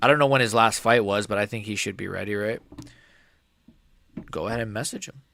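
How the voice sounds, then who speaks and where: A young man hosting a live fight reaction stream, rambling casually with lots of "like" and "bro" while his voice sometimes cracks high. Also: a little fast, gravelly, pushed and bright, slight background noise. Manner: rambling, filler-heavy, says "like" and "bro" often. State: voice cracking upward at times.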